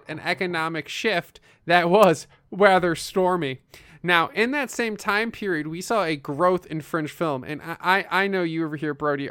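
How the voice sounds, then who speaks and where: A man's voice: fairly high pitch, a bit bright, a little hiss or hum. A man hosting a comic chat with a mock-formal, announcer-like delivery. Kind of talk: mock-serious comedic presenting.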